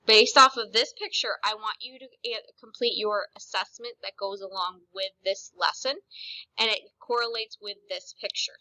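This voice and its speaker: A woman's voice: mid-range voice, sharp tone, rough recording. A woman teacher giving a recorded lesson, explaining ideas plainly and speaking straight to her students. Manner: explanatory, addresses students directly.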